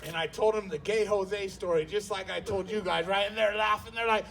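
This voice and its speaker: A man's voice: high-pitched, brisk, far from the mic, a little hiss or hum. A man doing stand-up comedy, telling a long profane story and acting out the people in it with shifting voices. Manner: profane, animated, acts out characters with voice shifts.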